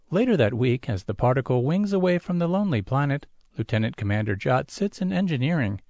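Creaky-voiced man narrating a story. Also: sing-song, fairly quick, hardly any pauses, darkish tone, dry recording, studio quality. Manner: reads all character voices himself with small pitch shifts. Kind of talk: audiobook narration of a sci-fi story.

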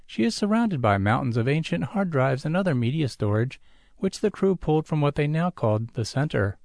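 Creaky-voiced man narrating a story. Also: big pitch swings, brisk, a little mellow, no echo, clean studio sound. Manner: reads all character voices himself with small pitch shifts. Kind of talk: audiobook narration of a sci-fi story.

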